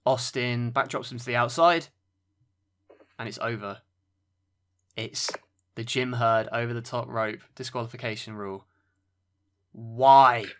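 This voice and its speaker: A man's voice: mid-range voice, normal speed, pauses often, a bit bright, clean tone. A man hosting a wrestling podcast, giving dry play-by-play with sarcastic asides. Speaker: podcast host. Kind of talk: wrestling match review commentary.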